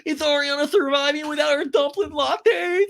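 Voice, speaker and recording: A man's voice: very high voice, moderate pace, creaky, fairly bright tone, pitched above the performer's own voice, heavily acted. A man impersonating a weepy, whiny man who halts and sniffles through a tearful apology.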